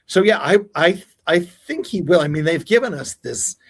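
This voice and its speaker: A man talking as a guest entertainment expert in casual podcast chat, animated, laughing often and swearing casually. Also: on the high side, normal speed, slightly rough.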